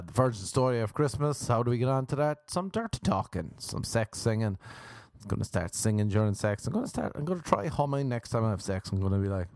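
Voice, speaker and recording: A man telling a crude comic story as a podcast host, rambling and breaking into high shrieks. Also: darkish tone, dry recording, studio quality.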